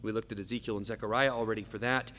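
A man preaching a verse-by-verse sermon, emphatic, slowing down and repeating key phrases for weight. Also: on the low side, steady tone, a bit bright. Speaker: pastor. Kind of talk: expository sermon. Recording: long reverb, faint hum.

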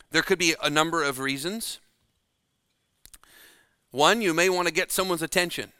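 A man preaching a sermon, slow and dramatic, dropping to a hush to stress key words. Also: on the high side, no room sound, studio quality.

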